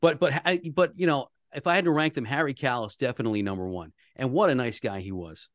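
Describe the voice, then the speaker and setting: A radio host from the Philadelphia area, here as a guest on a casual podcast chat, tells a story earnestly and conversationally, often restarting his sentences. His ordinary mid-pitched voice is fairly bright and quick. The sound is dry and close, with no echo.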